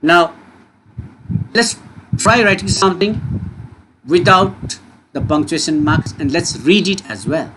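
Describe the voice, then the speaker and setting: A man teaching a lesson, explaining with an expressive delivery and frequent rhetorical questions. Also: on the high side, slow, long pauses. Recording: noisy recording with steady background noise.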